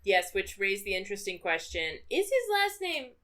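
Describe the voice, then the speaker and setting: A woman's voice: medium pitch, normal speed. A young woman co-hosting a podcast in casual chat, laughing often and talking animatedly. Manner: laughs a lot, animated and giggly. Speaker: podcast co-host.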